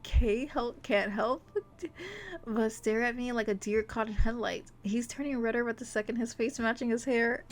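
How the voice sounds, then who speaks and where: A woman's voice: a little high, flat delivery, brisk, few pauses, a little hiss or hum. A young woman streamer reading a romance visual novel aloud, breaking in with giggly, gushing asides. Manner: giggly, gushing asides between dramatic narration. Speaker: VTuber streamer.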